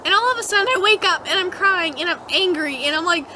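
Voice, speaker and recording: A woman's voice: extremely high pitch, quick pace, crowd noise, poor audio. A teenage girl vlogger animatedly retelling a dream to camera, giggling often. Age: teens. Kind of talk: casual storytelling to camera.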